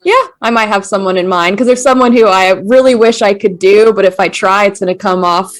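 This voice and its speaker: A woman narrating as game master of a tabletop game, with slow, dramatic storytelling. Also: medium pitch, faint music behind, poor audio.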